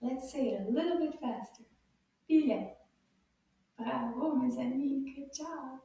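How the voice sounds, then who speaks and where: A woman teaching French to young children, saying words slowly and clearly and giving cheerful praise. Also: high voice, warm tone. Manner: slow, exaggerated repeating of words for children. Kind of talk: kids' language lesson. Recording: echoey room, voice far from the mic.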